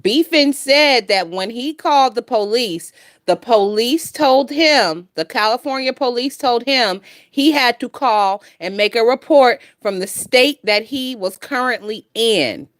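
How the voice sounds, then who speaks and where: A woman's voice: on the high side, expressive, unhurried, no echo. Blunt profane woman gossip host. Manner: blunt, profane, laughs often. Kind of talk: casual commentary.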